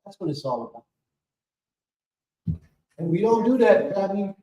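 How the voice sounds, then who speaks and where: A man giving a sermon as spiritual leader of a congregation, preacherly and rising to shouts. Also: sits high, very animated, slow, highs cut off, a little hiss or hum. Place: temple hall. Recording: echoey room from far off.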